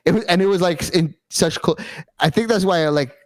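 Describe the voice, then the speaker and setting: A man co-hosts a casual podcast, telling stories in a rambling, stop-start way that is full of laughter. His voice sits fairly high for a man. The recording is close and dry. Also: a little fast, no room sound. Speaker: podcast co-host.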